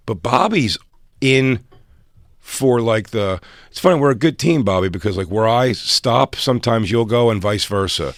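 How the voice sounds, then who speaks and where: Animated storytelling man, dry close sound. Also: medium pitch, normal speed, no echo. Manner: animated, acts out voices in his stories. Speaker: podcast co-host. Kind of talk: casual storytelling chat.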